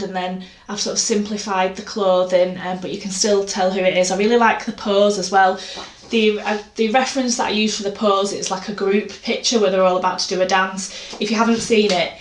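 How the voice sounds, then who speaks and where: A chatty woman talks casually at home, wandering from thought to thought and poking fun at herself. Her voice sits at an ordinary middle pitch. It bounces around a roomy space, with a faint hiss underneath. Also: steady tone, fairly quick, few pauses. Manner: chatty, rambling, self-deprecating. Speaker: artist vlogger. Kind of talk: casual chat. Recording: echoey room, faint noise.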